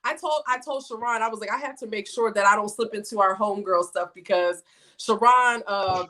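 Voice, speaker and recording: A woman's voice: medium pitch, a little fast, bright, forceful tone. A woman hosting a livestream in a casual, chatty way, reading viewer comments and hyping her guests. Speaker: host.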